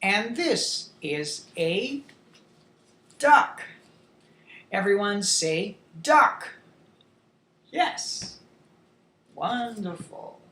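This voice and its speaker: A woman teaching a beginners' English lesson to young children, slow and clear, with playful animal sounds. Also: mid-range voice, very animated, fairly bright tone. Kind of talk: demo lesson for young learners. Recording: echoey room.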